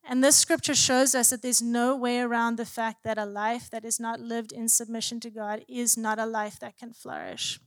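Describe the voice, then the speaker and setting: A woman's voice: fairly high pitch, level tone, moderate pace, few pauses, dry recording, clean studio sound. A woman who works as a Christian counselor gives an earnest teaching talk and retells sessions with clients in quoted dialogue.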